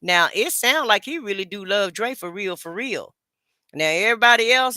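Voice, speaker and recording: A man's voice: high-pitched, expressive, normal speed, bright, forceful tone, clear, resonant tone, no echo, clean studio sound. A man hosting a casual commentary show, mocking and playful as he reacts. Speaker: commentary host.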